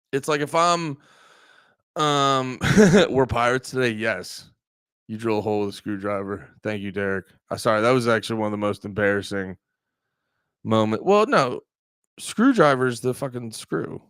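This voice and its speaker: A man's voice: mid-range voice, fairly bright tone, smooth, no room sound, studio quality. A man hosting a casual livestream, rambling and joking with frequent swearing while talking straight to his chat. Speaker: livestream host.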